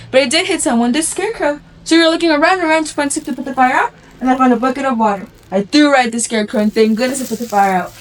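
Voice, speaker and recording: Bright high-voiced woman telling a story. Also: rough recording. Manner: lively, acting out the lines of characters. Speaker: vlogger. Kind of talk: animated storytelling.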